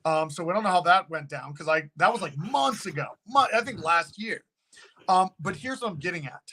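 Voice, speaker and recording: A man who owns a haunted location appears as a guest, telling a story in casual, animated talk and swearing freely. His voice sits high and moves a little fast.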